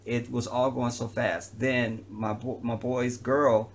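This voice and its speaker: A man who works as an entertainer, telling a personal story to camera in an animated, slangy, conversational way. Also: mid-range voice, takes it slowly, a little hiss or hum.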